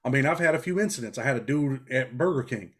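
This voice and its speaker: A man's voice: medium pitch, fast, slightly rough. A middle-aged man from New York, a former prisoner talking bluntly in a casual interview. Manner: blunt, street-talking, animated storytelling.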